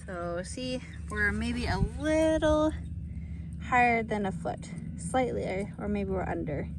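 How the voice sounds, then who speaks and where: A woman, chatting casually and excitably with lots of ums while she does a backyard gardening how-to. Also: medium pitch, slow. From Texas. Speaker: gardening vlogger. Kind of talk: casual outdoor how-to vlog. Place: outdoors in a backyard. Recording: outdoor noise behind the voice.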